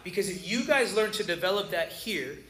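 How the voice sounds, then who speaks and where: A man pastor giving an emotional sermon, swinging from loud cries to soft, low passages, in a church. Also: expressive, brisk. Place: church sanctuary. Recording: roomy church hall.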